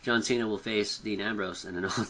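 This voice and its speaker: Man co-host, easygoing and halting; lower register, bright forward tone. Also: steady tone. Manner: easygoing, hesitant, trails off. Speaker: podcast co-host. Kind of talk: casual chat, recapping.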